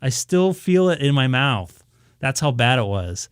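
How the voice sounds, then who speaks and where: Man, casual storyteller, animated, dry close sound, mid pitch. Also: unhurried, clean tone, dry recording. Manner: animated, acts out his own reactions, many restarts. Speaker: ham radio live streamer. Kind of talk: casual storytelling on a live stream.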